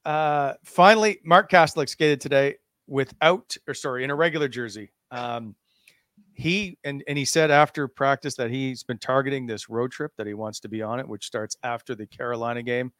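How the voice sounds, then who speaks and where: A man hosting a casual sports chat, briskly moving through news items between banter. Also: medium pitch, a bit bright, no room sound, studio quality.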